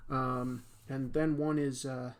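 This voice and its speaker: With a mid-range voice, flat delivery and slow pace, the comics artist chats through his casual art stream while drawing. The talk is rambling and jokey, full of fillers.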